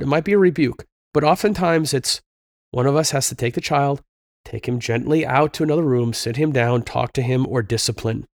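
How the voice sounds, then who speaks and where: A man's voice: mid-range voice, dry recording, studio quality. A middle-aged man hosting a parenting talk, speaking earnestly and a bit preachily, telling stories with fillers. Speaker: podcast host. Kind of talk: conversational Christian parenting talk.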